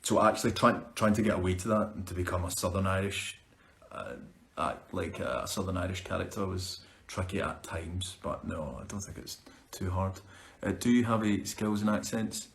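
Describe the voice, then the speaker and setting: Chatty Scottish man, roomy echo. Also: fairly low pitch. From Scotland. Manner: chatty, upbeat, restarts words. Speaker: actor answering viewer questions. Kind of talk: casual live-stream Q&A.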